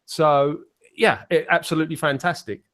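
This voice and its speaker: A man's voice: on the high side, moderate pace, fairly bright tone. Rambling English man on a video call. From England. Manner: self-deprecating, rambling with restarts. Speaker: guest musician. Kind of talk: casual online panel chat.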